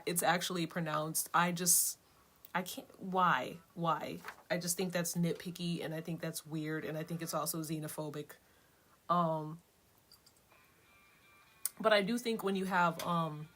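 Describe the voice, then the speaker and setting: Low-voiced woman chatting casually. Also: fairly bright tone, a little hiss or hum. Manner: rambling, chatty, laughs between thoughts. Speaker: vlogger host. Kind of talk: casual chat.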